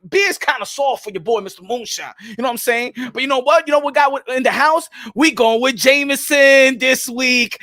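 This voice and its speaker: Hyped, high-voiced profane boxing host. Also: male voice, no echo, studio quality. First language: Spanish. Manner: profane, hyped, loud and repetitive. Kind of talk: livestream rant and chat shout-outs.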